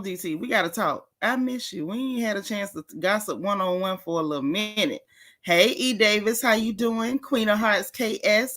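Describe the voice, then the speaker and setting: Woman running a gossip livestream, chatty, kinda high voice, greets folks one by one. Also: fairly bright tone. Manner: chatty, greets viewers by name, drawn-out repeated phrases. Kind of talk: casual live-stream chat.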